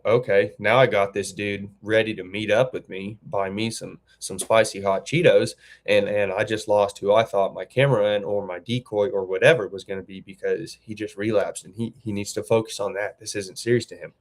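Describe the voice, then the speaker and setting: Male channel host, lowish voice, loose rambling storyteller who corrects himself as he goes. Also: steady tone, moderate pace. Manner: rambling, self-correcting, conversational. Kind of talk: casual storytelling.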